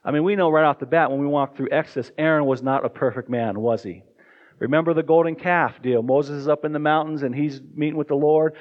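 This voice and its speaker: A man's voice: on the high side, steady tone, a little fast. Conversational male pastor preaching. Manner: conversational, asks the congregation questions. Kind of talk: sermon. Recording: dull lo-fi recording.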